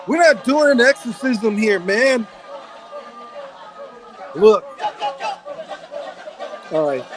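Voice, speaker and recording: A man hosting live radio, telling a story in a halting, exasperated way and scolding the person playing sound effects. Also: high voice, darkish tone.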